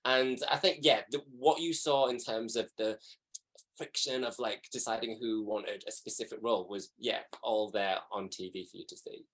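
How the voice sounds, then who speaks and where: A man with a Yorkshire accent from West Yorkshire, chatting as a guest in a relaxed interview, giggling and jumping up high when he quotes people. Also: normal speed. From West Yorkshire, England. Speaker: guest, drag performer. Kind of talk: casual interview chat.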